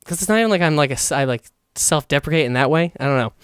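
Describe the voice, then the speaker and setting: A young man hosting a solo podcast, rambling excitedly in a casual monologue and swearing a lot. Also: a little high, racing, clear, resonant tone, no room sound, studio quality. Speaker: podcast host.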